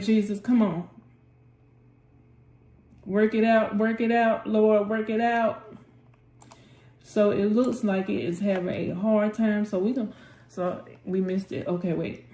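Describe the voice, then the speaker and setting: A woman's voice: medium pitch, fairly even intonation, slow, pauses often, mellow, echoey room. A woman hosting a live trading session, urging the chart on aloud and calling on the Lord as she talks. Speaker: trading channel host.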